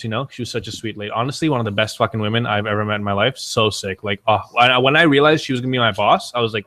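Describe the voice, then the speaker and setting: A man's voice: medium pitch, fast, bright, forceful tone, a little hiss or hum. A man, a streamer and podcast guest, telling stories in casual chat, rambling and swearing with many restarts.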